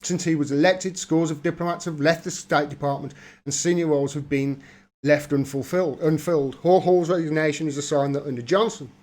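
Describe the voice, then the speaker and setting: A man reads political news aloud in a fairly high voice. He keeps stopping to mock what he reads with a laugh and a wry aside. It sounds like a host talking through a livestream. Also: fairly even intonation, fairly quick, a little mellow. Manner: mocking, laughs often, reads then riffs. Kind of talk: reading news aloud with sarcastic commentary.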